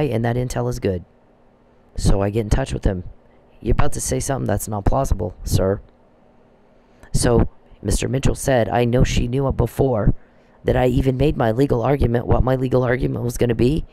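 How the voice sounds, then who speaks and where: A man's voice: medium pitch, creaky, warm tone. A man talking in a casual monologue, blunt, emphatic and full of swearing. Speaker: commentator.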